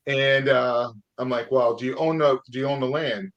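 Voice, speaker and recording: Middle-aged host guy from vermont, talks quick, casual storyteller. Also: mid-range voice. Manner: casual storyteller, acts out phone calls. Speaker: podcast host. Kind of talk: podcast interview.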